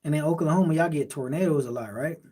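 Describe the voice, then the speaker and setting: Speaking quickly in a mellow, slightly rough voice that sits a little high, a Miami man hosts a late-night livestream. In his Miami accent, he reads chat and casually rambles through replies to comments.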